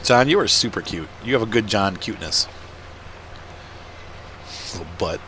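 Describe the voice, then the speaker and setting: A man's voice: on the low side, animated, moderate pace, a bit bright, slight background noise. A man chatting casually as he plays a farming game at home, rambling and laughing often. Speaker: let's-play gamer. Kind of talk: casual gameplay commentary.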